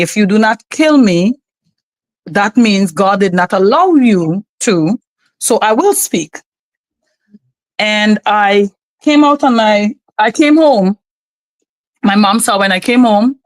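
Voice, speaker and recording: A woman's voice: mid-range voice, no echo, rough recording. Earnest woman giving testimony. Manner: earnest, emphatic, often invoking God. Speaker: podcast guest. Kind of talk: personal testimony.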